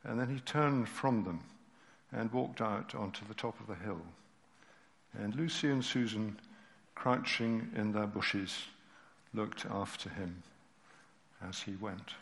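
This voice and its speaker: A man preaching a sermon, reading a story aloud and explaining scripture, expressive and dropping his voice low at tender moments. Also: slow, gravelly, long pauses. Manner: expressive, dropping to near-whispers at moving moments. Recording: reverberant hall.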